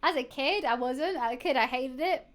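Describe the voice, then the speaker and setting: Hiccuping young woman, high voice. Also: moderate pace. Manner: rambling, with many fillers and restarts. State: has the hiccups. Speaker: live streamer. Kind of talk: casual chat to stream viewers.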